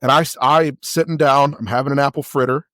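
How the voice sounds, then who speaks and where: A man's voice: medium pitch, steady tone, fast talker, a bit bright, dry recording, studio quality. A man co-hosting a podcast, bantering casually. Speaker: podcast co-host. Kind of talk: casual chat.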